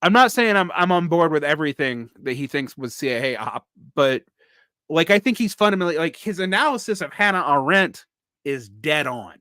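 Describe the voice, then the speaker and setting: Bright-voiced Southern man, halting live talk. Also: on the high side, expressive, dry recording, clean studio sound. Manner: halting, with frequent restarts and fillers. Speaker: vlog host. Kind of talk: casual live commentary.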